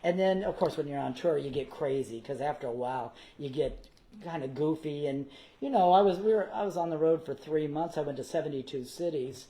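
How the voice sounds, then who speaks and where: A man, a guest performer, telling theater anecdotes in a casual interview, animated and theatrical. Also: a little high, a little fast, low-quality recording. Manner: animated, theatrical, slips into character voices.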